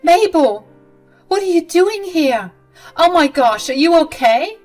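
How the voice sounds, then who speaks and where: A woman's voice: very high-pitched, lively intonation, slow, darkish tone, faint music behind, voice pushed up, heavily acted. A woman voicing a protective young bride who speaks emphatically and with outrage. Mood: alarmed.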